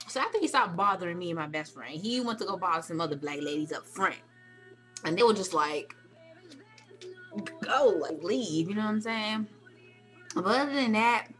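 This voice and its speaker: A bright, lively young woman recounts her night in an excited vlog, her pitch leaping all over as she acts out what everyone said. Faint music plays behind her. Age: young adult. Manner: animated, acts out quotes with squeals and shouts. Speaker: vlogger recounting a club night.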